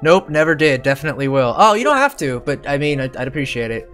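Speaking fast in a medium-pitched, sing-song, slightly bright voice, a streamer jokes casually through a horror game with game music playing. There's frequent laughter, offhand swearing, and chatter with the audience.

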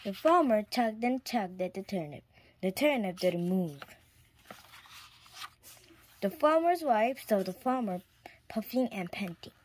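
A woman reading a children's picture book aloud in a clear storytime manner, now and then dropping to a whisper. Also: medium pitch, expressive, unhurried, long pauses, a little mellow, slight background noise. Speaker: storybook reader.

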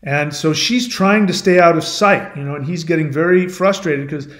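A man's voice: fairly high pitch, normal speed, a bit bright. A man hosting his channel, telling a myth as a lesson in a conversational way, with explanatory asides to the listener. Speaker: channel host. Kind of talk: storytelling, retelling a myth as a lesson. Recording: roomy echo.

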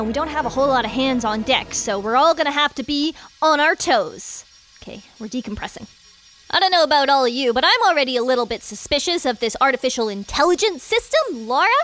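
A woman hosting a game playthrough, commentating in a bubbly, excitable, giggly way. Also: high voice. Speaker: gaming video host.

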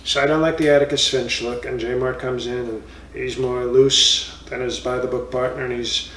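A man's voice: medium pitch, fairly even intonation, moderate pace, a bit bright, a little hiss or hum, natural voice. Man impersonating a bragging former president, rambling and mocking, distant mic, roomy room. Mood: boastful. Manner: boastful, rambling, insulting nicknames. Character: comic impression of a blustering former male president. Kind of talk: comedy impression monologue.

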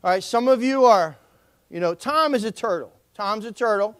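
High-voiced emphatic man preaching. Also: moderate pace, fairly bright tone. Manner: emphatic preaching, calls on the congregation to respond. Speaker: pastor. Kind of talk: sermon.

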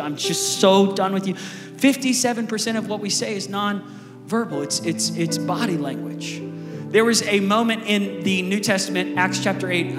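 A man with a high voice preaches to a large church congregation, chatty and lively, often asking them questions. His voice echoes through a big hall with long reverb while music plays clearly underneath. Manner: conversational, energetic preaching with asides to the congregation. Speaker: pastor. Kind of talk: sermon.

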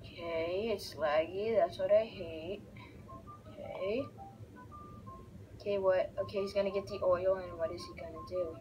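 A woman giving excitable let's-play commentary, reacting loudly and narrating the action on screen. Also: fairly low pitch, unhurried, pauses often, soft background music, low-quality recording. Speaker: gaming video creator.

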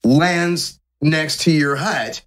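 A man's voice: a little high, drawn-out words. A man acting as game master, narrating a tabletop game in a laid-back way and laughing along with his players.

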